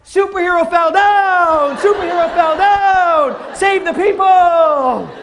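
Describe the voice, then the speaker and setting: A man acting out an excited four-year-old boy in a superhero costume, chanting in a shouty sing-song. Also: very high voice, unhurried, a crowd in the background, noisy background, pitched above the performer's own voice. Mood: triumphant.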